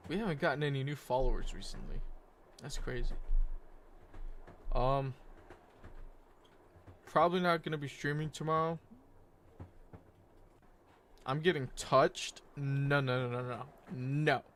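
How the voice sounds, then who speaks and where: A man's voice: medium pitch, normal speed, pauses often, fairly bright tone. A young man streaming, wrapping up a game session in a rambling, laid-back chat with his viewers, full of fillers and self-corrections.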